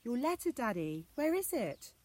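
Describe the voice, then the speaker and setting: A woman voicing an eager, tender-hearted little girl in a storybook, with a high, bright, pleading voice. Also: huge pitch swings, brisk, slightly rough, heavily acted.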